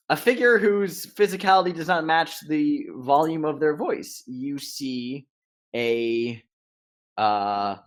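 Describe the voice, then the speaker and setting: A young man running a tabletop game as dungeon master, narrating haltingly with many fillers. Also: mid-range voice.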